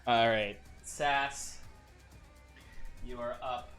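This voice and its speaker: A man acting as game master for a tabletop game, his voice bright and cutting. He is excitable and laughs often, and he restarts sentences as he narrates the action. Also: medium pitch, drawn-out words, soft background music. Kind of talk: running a tabletop game, casual chat.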